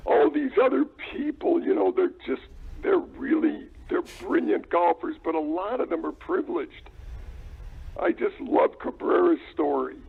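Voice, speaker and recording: A man calling in on the phone, needling the hosts with gruff complaints in casual comedic banter. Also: high voice, very animated, unhurried. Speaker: phone-in guest. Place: phone call. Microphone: telephone. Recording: tinny phone line.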